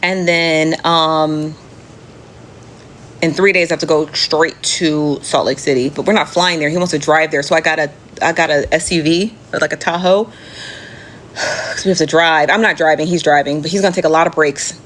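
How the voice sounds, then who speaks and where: A woman's voice: deep voice, fairly even intonation, normal speed, fairly bright tone, slight background noise. A woman hosting a casual live chat, reading viewer comments aloud and answering with chatty, profane, laughing asides. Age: adult. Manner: chatty, profane, laughs often, talks straight to viewers as "friend".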